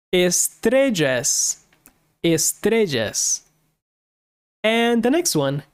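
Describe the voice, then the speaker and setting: A woman teaching vocabulary, speaking slowly and patiently and repeating each word several times. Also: medium pitch, a little mellow. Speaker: Spanish teacher. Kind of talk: language lesson, slow repetition drills.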